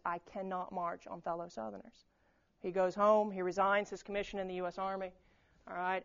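A woman giving a conversational history lecture in a classroom, often checking in with the students. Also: mid-range voice. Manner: conversational, keeps checking in with "okay?". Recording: slightly dull lo-fi recording.

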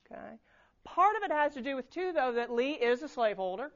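A woman's voice: high-pitched, lively intonation, a little fast. Woman lecturing a class. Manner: conversational, keeps checking in with "okay?". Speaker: history lecturer. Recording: slightly dull lo-fi recording.

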